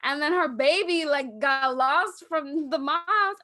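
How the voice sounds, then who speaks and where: Young female podcast co-host, high voice, animated storyteller, dry close sound. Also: measured pace, dry recording. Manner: animated storytelling, acting out quotes with laughs. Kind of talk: casual chat.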